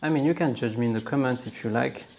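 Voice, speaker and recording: Middle-aged French-accented man, mid-pitched, upbeat casual educator who jokes about himself. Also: fast talker, gravelly, darkish tone, slight background noise. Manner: upbeat, chatty, laughs at himself. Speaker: supply chain educator. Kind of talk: casual explainer while drawing on a board.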